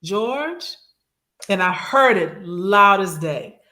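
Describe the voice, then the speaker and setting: A woman recounting a personal trip in casual podcast chat, animated and acting out what others said, on a studio microphone. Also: medium pitch, moderate pace. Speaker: regular co-host and guest.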